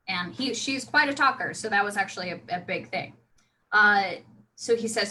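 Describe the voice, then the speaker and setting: A woman's voice: mid-range voice, moderate pace, sharp tone, a little hiss or hum, rough recording. A woman casually telling her role-play character's backstory, chatty with many restarts. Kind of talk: casual storytelling.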